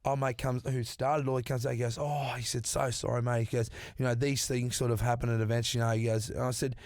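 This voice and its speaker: A man's voice: medium pitch, a little fast, few pauses. An Australian man telling a long story in casual podcast chat, swearing freely and acting out the people in it. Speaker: podcast guest.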